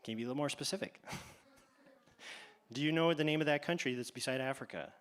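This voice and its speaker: A man hosting a playful animal quiz for children on a church stage, teasing and drawing out his questions. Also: mid-range voice. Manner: animated, teasing, exaggerated pauses. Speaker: quiz host at a church kids' event.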